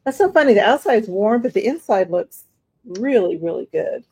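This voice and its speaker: A woman's voice: mid-range voice, expressive, normal speed, breathy edge. A woman running a live online auction, chatting casually about each item and talking to bidders. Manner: chatty, rambling, warm toward bidders, many fillers. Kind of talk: casual live-stream selling chat.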